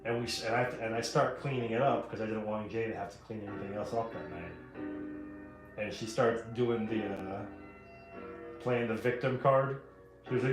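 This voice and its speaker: A man's voice: fairly low pitch, normal speed. A man chatting casually on a livestream, telling stories with plenty of swearing and laughter. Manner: profane, laughing storyteller. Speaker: streamer. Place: home room while painting. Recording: roomy echo, faint guitar music.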